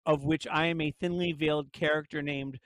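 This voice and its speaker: A man hosting a casual interview chat, animated and laughing often. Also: a little high, a little fast, no room sound. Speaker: host.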